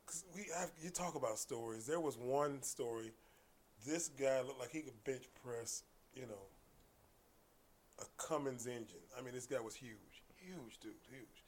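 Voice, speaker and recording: A man's voice: mid-range voice, unhurried. A man, a martial arts coach, telling stories casually as a guest and acting out the people in them, sometimes dropping to a whisper. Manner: animated, acts out voices, drops to whispers. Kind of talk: casual storytelling.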